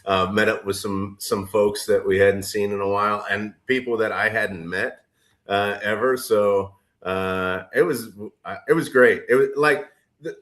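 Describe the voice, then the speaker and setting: A man's voice: fairly low pitch, fairly bright tone. A middle-aged man co-hosting a casual podcast chat, rambling with lots of fillers and restarts. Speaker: podcast co-host.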